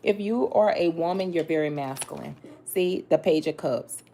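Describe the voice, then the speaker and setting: A woman's voice: deep voice, moderate pace, warm tone, a little hiss or hum. Blunt, sassy woman reading tarot. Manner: blunt, sassy, talks straight to the listener with slang and cursing. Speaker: tarot reader.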